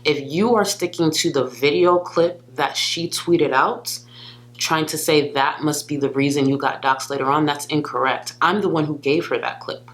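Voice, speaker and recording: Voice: mid-range voice, normal speed, fairly bright tone. Youtuber reading a scripted call-out, firm and accusing, talking straight at the person. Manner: firm, accusatory, direct address. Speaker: commentary youtuber. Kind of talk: scripted commentary.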